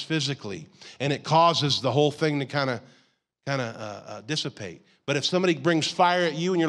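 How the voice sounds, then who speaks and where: A man's voice: mid-range voice, expressive, a little fast, a bit bright. A man preaching a sermon as a pastor in a church, in a conversational style with lots of "you gotta" and "like". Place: church auditorium.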